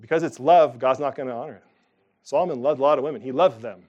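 A middle-aged man preaching a sermon from the pulpit, emphatic and animated, with sudden loud rises. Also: medium pitch, fast, highs cut off. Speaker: pastor.

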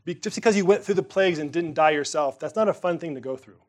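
A man delivering a sermon in a loose, conversational way, with a voice sitting a little high for a man. He presses hard on some words, then lets his voice fall soft and low. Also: fast talker. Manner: conversational preaching, swings between emphatic and quiet. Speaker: pastor.

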